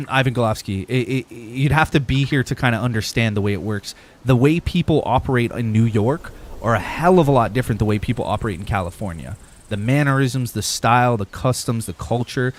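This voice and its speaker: A man's voice: medium pitch, lively intonation, fairly quick. A young male game streamer from Southern Ontario, speaking with a Southern Ontario Canadian accent. He rambles casually and curses freely while answering his chat, with a faint hiss of noise underneath. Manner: rambling, profane, talks directly to chat. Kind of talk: casual livestream chat with viewers.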